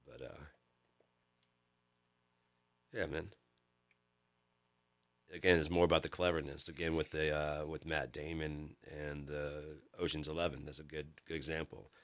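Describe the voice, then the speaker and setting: Casual male host, very low voice, dry close sound, loose profane rambling. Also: flat delivery, measured pace, long pauses, fairly bright tone, no room sound. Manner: profane, rambling, lots of fillers and repeats. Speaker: channel host.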